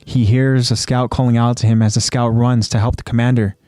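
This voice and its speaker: A man's voice: medium pitch, level tone, fairly quick, dark tone, smooth, no echo, faint music behind. A man co-hosting a casual podcast, retelling scenes step by step and then talking loosely about them. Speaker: podcast co-host. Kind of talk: casual podcast chat recapping an anime episode.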